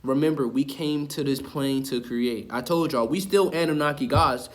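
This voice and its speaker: Speaking at a moderate pace with a medium-pitched voice, this man hosts an online video and delivers a fervent spiritual rant straight to the camera. He preaches, swears, and repeats himself to drive his points home.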